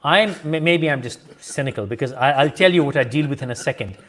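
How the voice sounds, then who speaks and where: A man's voice: medium pitch, brisk, a loud crowd. A middle-aged man from Pakistan, hosting a discussion and arguing his point in an emphatic, insistent way. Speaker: host. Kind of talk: video-call discussion.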